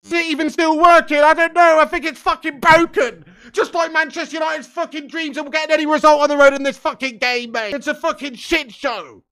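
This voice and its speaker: A man's voice: extremely high pitch, steady tone, a little fast, few pauses, sharp tone. A man ranting and swearing through a live football watchalong, full of exasperated outbursts. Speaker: football fan streamer.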